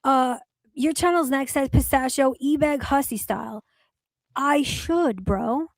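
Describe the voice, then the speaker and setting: A woman's voice: sits high, a little slow, dry recording. A woman hosting a livestream, chatting casually and ranting sarcastically with plenty of swearing. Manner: profane, sarcastic rants. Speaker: streamer host.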